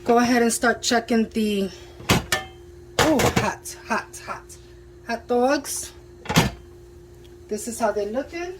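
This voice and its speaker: A woman's voice: a little high, takes it slowly, pauses often, very noisy. A woman casually narrating her home cooking for viewers in a chatty, enthusiastic way, talking from her kitchen stove. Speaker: home cook vlogger. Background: food sizzling in a pan.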